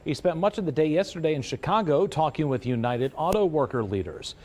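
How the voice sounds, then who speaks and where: A man's voice: a little high, animated, a little fast, a little mellow. A man anchoring morning TV news, joking and ad-libbing between stories. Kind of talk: playful morning news banter. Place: TV news studio.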